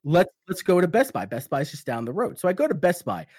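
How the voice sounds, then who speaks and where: A man telling a profane, animated story in casual chat with friends. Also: a little high, fairly quick, husky, dry recording, studio quality.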